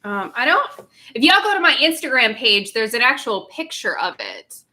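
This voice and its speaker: A young woman co-hosts a casual home livestream in a bright, tense-edged voice that sits a little high. She gushes and tells her stories loosely, filling the gaps with plenty of "um"s. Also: very animated, normal speed. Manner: gushing, storytelling with fillers. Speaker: co-host, fiancée.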